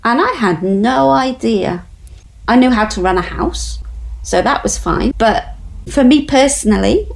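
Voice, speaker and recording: A woman's voice: on the high side, expressive, unhurried, vocal fry, darkish tone, poor audio. A woman guest earnestly telling a personal story in a conversation.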